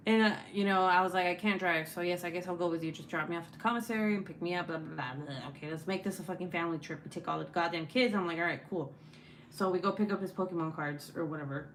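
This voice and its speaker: A young woman chatting casually at home, telling profane stories and acting out the quotes in lively bursts. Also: on the low side, fairly quick, slight background noise. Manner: profane, animated, acts out quotes. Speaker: craft vlogger. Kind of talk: casual storytelling chat.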